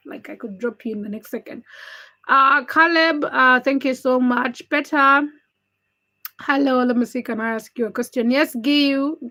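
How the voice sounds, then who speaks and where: A woman's voice: a little high, a bit bright. A woman from Uganda, hosting a casual livestream, greeting viewers by name, answering chat messages, and stumbling over words. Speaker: livestream host. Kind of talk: casual live-stream chat.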